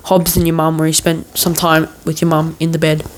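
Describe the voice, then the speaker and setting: A man's voice: a little high, completely flat delivery, brisk, a little hiss or hum, low-quality recording. A man hosting a podcast, telling a long story in a meandering, joking way full of swearing and restarts. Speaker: podcast host. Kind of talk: rambling casual storytelling.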